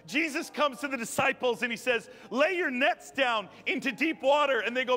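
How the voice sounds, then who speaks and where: A man in his thirties preaching a charismatic sermon and praying over people, fervent, repeating phrases and rising to shouts. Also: very high voice, normal speed, few pauses. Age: 30s. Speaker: guest preacher. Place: church sanctuary. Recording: long church hall reverb with music.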